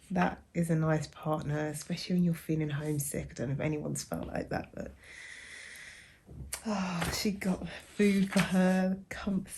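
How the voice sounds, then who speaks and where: A young woman talking casually in a reading vlog, soft-spoken and musing, with a hushed way of speaking. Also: on the low side, vocal fry, slight background noise. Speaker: book vlogger.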